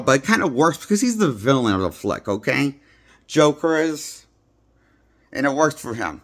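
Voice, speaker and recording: A man's voice: on the high side, a bit bright. Man, movie critic, casual vlog, rambling, blunt, phone recording. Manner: rambling, blunt, repeats himself. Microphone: handheld phone.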